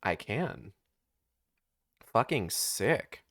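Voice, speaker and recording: A man's voice: on the low side, sing-song, drawn-out words, gravelly, a bit bright. A man giving casual, rambling, profane commentary while playing a video game, talking to himself as he goes. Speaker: gaming streamer. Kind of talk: casual let's-play commentary.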